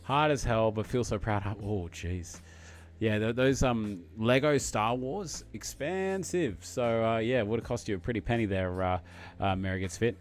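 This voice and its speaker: A man with an Australian accent chatting casually on a live stream, excitable and full of fillers. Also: fairly low pitch, normal speed.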